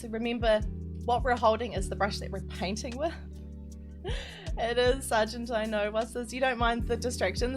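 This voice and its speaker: Chatty Kiwi woman streaming over music. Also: fairly high pitch. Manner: chatty, giggly, reads chat messages aloud. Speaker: streamer teaching map building. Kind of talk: casual live-stream chat. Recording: background music under the voice.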